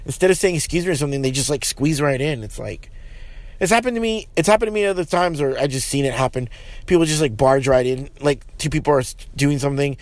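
A man hosting his own podcast, ranting heatedly with lots of swearing and restarts, then settling into a calmer, lower tone. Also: fast, no echo. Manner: profane, rambling, frequent restarts. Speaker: podcast host. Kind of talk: casual solo podcast rant.

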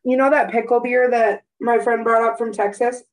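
A woman's voice: on the high side, normal speed, rough recording. A woman in her twenties co-hosting a podcast, telling crude family stories in casual chat and acting out the voices of relatives. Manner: crude, animated storytelling with voices. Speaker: podcast co-host.

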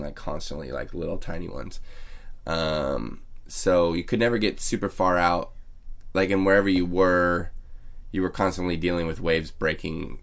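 A man's voice: low voice, creaky. A man telling a rambling, profane, self-mocking story as a podcast host. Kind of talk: casual storytelling monologue.

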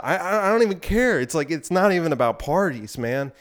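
A man's voice: high voice, very animated, brisk, few pauses. Ranting young man, crude and rambling. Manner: crude, ranting, profane, with frequent asides; talking while exercising on an elliptical. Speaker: podcast host. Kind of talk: rambling solo podcast talk.

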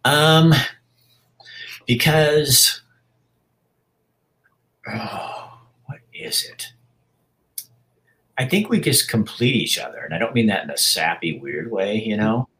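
A man in his sixties being interviewed, talking frankly and reflectively about his life, with halting restarts. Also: mid-range voice, lively intonation, a bit bright, rough recording. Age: 60s. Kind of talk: candid personal interview.

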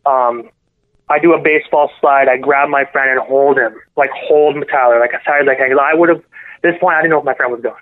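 A man guest on a podcast telling a painful personal story in a halting, earnest way, often correcting himself. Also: medium pitch, fairly even intonation. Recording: phone-line audio.

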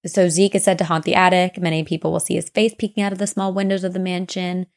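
A young woman with a somewhat low voice co-hosts a casual podcast. She tells ghost stories in a chatty, animated way and acts out the people in them. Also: fast talker. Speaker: podcast co-host. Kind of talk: casual chat, storytelling ghost lore.

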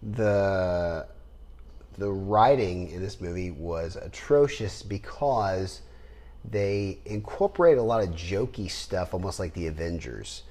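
A man co-hosting a podcast, chatting casually and rambling with animated bursts of laughter. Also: sits low, takes it slowly. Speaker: podcast co-host. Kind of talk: casual chat.

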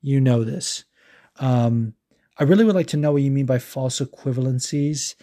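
Brief: male podcast host, mellow dark tone, angry swearing rant, trips over words. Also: medium pitch, moderate pace. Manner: heated, profane, stumbling restarts. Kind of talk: casual ranting podcast talk.

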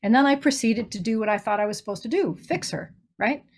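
A woman's voice: fairly high pitch, fast talker. Middle-aged woman, grief minister, earnest storyteller who acts out quotes, conversational. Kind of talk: conversational podcast interview.

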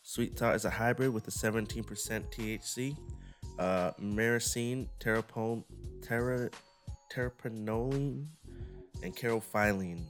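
Man, very low voice, casual vlog talk, reads aloud haltingly, faint music behind. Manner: stumbles over words while reading, casual slang. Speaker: cannabis strain reviewer. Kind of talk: casual vlog, reading strain descriptions aloud.

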